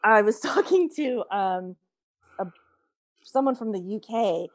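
A woman's voice: medium pitch, animated, a little slow, no room sound, studio quality. A woman with a neutral American accent, chatting in a rambling, giggly way. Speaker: voice actor. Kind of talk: casual podcast chat.

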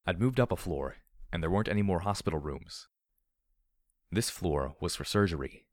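A man narrating first-person fiction as an audiobook, in a measured storytelling delivery. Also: low voice, lively intonation, a little mellow, dry recording, studio quality.

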